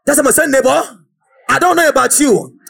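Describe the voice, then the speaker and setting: A man preaching a fiery, exhorting sermon and often shouting out to the congregation. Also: very high-pitched, expressive, brisk, creaky, slight background noise.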